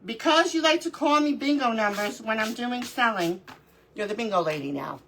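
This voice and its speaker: A woman's voice: on the high side, animated, moderate pace, noisy background. A middle-aged woman hosting a live crafting stream, chatting casually, greeting viewers by name and talking to herself as she works. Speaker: livestream crafting host.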